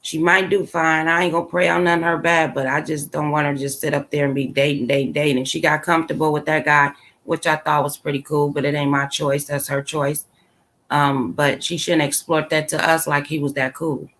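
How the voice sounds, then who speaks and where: Against slight background noise, a woman with a deep, level, somewhat bright voice talks briskly to her live chat as host of her own channel. Her casual commentary is sassy, blunt and opinionated, heavy on slang.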